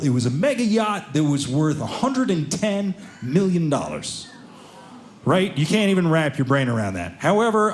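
Lively animated male stand-up comic. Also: on the high side. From Seattle area. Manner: animated storytelling, acts out other voices. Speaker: stand-up comedian. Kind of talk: stand-up comedy routine.

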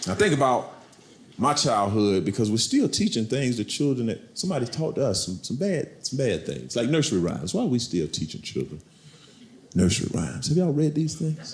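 A middle-aged man doing stand-up, telling animated stories about his kids and acting them out in high voices. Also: normal speed. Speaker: stand-up comedian. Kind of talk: stand-up comedy routine. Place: comedy club stage. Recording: echoey club with loud crowd noise.

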